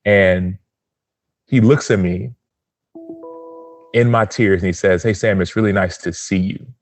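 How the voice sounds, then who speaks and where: A thirty-something man appears as a podcast guest, recounting something from his own life earnestly and with energy while performing the quoted lines. He has a deep voice and speaks a bit slowly.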